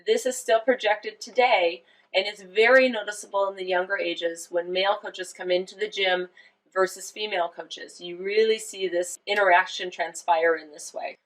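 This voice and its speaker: A woman's voice: medium pitch, low-quality recording. A woman volleyball coach explaining a lesson in an instructional style, emphatic and full of rhetorical questions. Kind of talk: instructional presentation.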